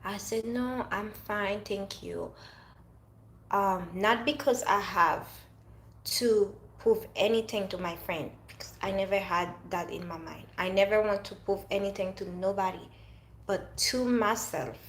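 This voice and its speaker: A woman's voice: mid-range voice, fairly even intonation, moderate pace, roomy sound, poor audio. A woman with a French accent speaking earnestly in a casual motivational monologue, often restarting her phrases. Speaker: vlogger.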